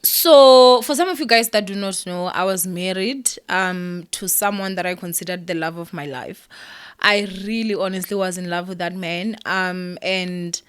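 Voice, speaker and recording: A woman's voice: fairly low pitch, moderate pace, clean tone. A young woman talking candidly to her viewers, heartfelt and close to tears, with many ums and likes. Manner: emotional, heartfelt, near tears, with many fillers. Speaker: vlogger. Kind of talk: candid vlog talk to camera.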